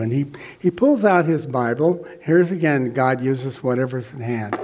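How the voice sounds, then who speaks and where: Giving personal testimony at a recovery meeting, an older man reflects on his journey in a rambling way, often using fillers and starting over. His mid-range, darkish voice has lively intonation at normal speed, with slight background noise.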